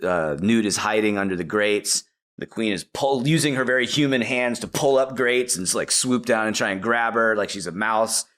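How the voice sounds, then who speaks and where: This man's voice sits on the low side and moves at a normal speed. Appearing as a podcast guest, he excitedly recounts a film's plot in a laid-back way, sprinkling in plenty of "like" and "you know" fillers.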